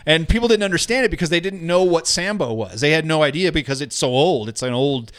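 A middle-aged man from Colorado talks sports on a podcast in a loose, joking way, cursing as he goes. His voice sits a little high and sounds smooth and clear. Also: quick pace, a bit bright. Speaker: podcast co-host. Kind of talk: casual sports chat. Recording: podcast studio mic.

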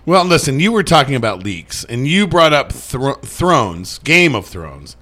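A man co-hosting a podcast, telling stories in an animated, profane way. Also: mid-range voice, measured pace. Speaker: podcast co-host. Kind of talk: casual chat.

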